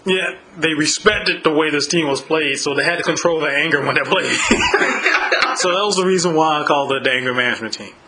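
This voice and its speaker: A man's voice: a little high, a little fast, crowd noise, poor audio. A man telling stories in casual chat as a podcast co-host, laughing often as he talks.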